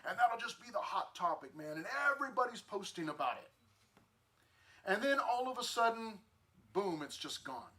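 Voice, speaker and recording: Teaching a youth group through a Bible passage, a man keeps things casual and conversational, full of fillers and restarts, and acts out social media voices. His high-pitched voice swings widely in pitch, with a sharp tone at a moderate pace.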